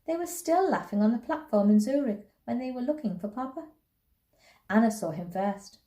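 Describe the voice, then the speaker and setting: A woman, a primary school teacher, reading a children's novel aloud in a gentle, unhurried way. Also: on the high side, lively intonation. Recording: roomy echo.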